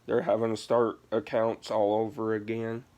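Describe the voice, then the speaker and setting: A man's voice: fairly low pitch, monotone, normal speed, a little mellow, dull audio. A man telling a story in a casual vlog, rambling and swearing freely, leaning on "like" as filler. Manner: rambling, profane, heavy use of "like". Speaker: gaming vlogger.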